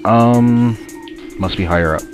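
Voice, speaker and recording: A man's voice: on the low side, measured pace, faint music behind. A man with a stuffy, sinus-congested voice, casually commenting while playing a video game, rambling and grumbling at the game. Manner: rambling, muttering asides to the game. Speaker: let's play commentator.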